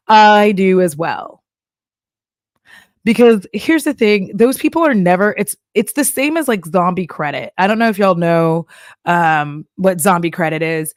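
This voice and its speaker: A young woman from Texas chats casually on her live stream, breaking into laughter and playful put-on voices. Her pitch sits in an ordinary middle range. The sound is dry and close, with no room echo. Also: slow. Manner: chatty, laughs often, acts out voices of banks and apps. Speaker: streamer reacting to a video.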